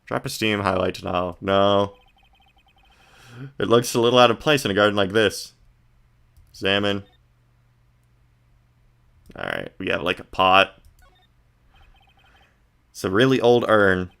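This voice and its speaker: A man's voice: unhurried, vocal fry, long pauses, a bit bright, smooth. Laid-back male streamer reading a game. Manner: laid-back, reads descriptions in a low murmur. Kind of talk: reading a game aloud casually.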